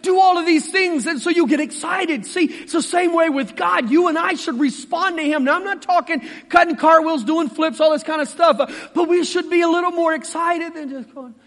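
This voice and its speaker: A man preaching a sermon as pastor, folksy and animated, acting out the voices he quotes. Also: very high voice, normal speed, few pauses, in a large hall.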